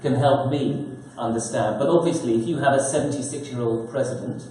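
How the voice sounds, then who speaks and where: A man's voice: medium pitch, a little fast, dark tone. A man, an author, giving a thoughtful talk at a press conference and posing rhetorical questions. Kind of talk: prepared talk to an audience. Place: conference hall. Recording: very echoey conference room.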